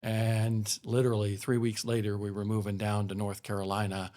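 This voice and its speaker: A man's voice: fairly low pitch, normal speed. A middle-aged man from the northeastern US, a racing broadcaster, telling stories from his career in a casual chat and acting out the other people's lines. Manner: animated storyteller acting out quoted dialogue. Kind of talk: casual storytelling.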